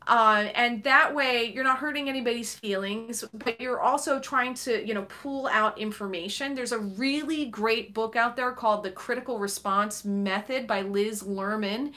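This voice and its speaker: Bright-voiced woman clarinet teacher. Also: fairly high pitch, moderate pace, hardly any pauses. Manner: chatty, many um fillers. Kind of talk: live online Q&A advice.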